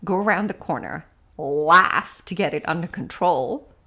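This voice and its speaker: Her voice slightly low, an educator chats on a relaxed podcast, patiently laying out one step after another and tossing in a quick "right?" to check in. Once she reaches her examples, she becomes playful and lively.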